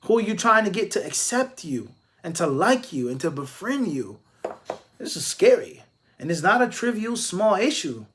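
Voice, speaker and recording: Emphatic man with a high-set voice. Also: very animated, a bit bright. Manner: emphatic, stacking rhetorical questions; measured explaining with Arabic religious phrases. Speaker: Islamic scholar answering viewer questions. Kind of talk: live Q&A answers.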